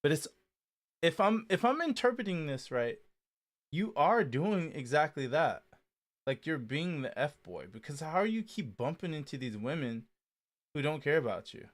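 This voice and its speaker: A man co-hosting a casual chat, reacting to a video with laid-back, often quiet remarks. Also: fairly high pitch, very animated, moderate pace.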